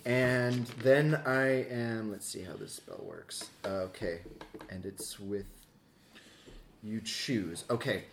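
A tabletop player thinks aloud while working out moves, speaking slowly and hesitantly. The pitch rises and falls widely from phrase to phrase. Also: very animated, gravelly, slight background noise. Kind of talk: playing a tabletop game.

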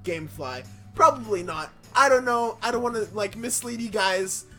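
A man's voice: high-pitched, expressive, normal speed, sharp tone, faint music behind. A man hosting a casual podcast, reading the sponsor ads in a goofy, jokey way and stumbling over web addresses. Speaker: podcast host.

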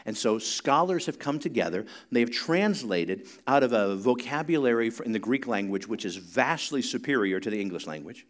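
A man preaching to his congregation in a relaxed, conversational teaching voice. He leads the room in call-and-response, then presses his points with rising pitch and force. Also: normal speed, few pauses. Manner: conversational teaching that builds to loud, high-pitched emphasis. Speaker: pastor. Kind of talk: sermon.

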